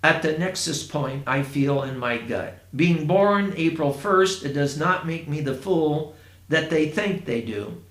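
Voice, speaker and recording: A man from Indiana telling a first-person story in a plain, unhurried way, with asides to his listeners. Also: a little high, lively intonation, a bit bright. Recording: roomy echo.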